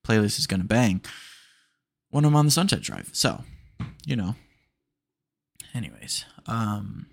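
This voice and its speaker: A man with a low, gravelly voice hosts a solo podcast and rambles laid-back about his day. He talks close to his mic in an easygoing way and tosses in "dude" a lot. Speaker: podcast host. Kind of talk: casual solo podcast chat. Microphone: podcast mic close to the face.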